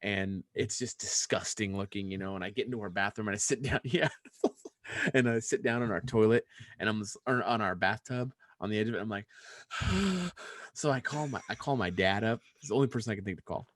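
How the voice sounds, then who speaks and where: A young adult man co-hosting a podcast in casual chat, telling a story in an animated way and acting out the lines he quotes. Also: fairly low pitch, a little fast, no echo, clean studio sound. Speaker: podcast co-host.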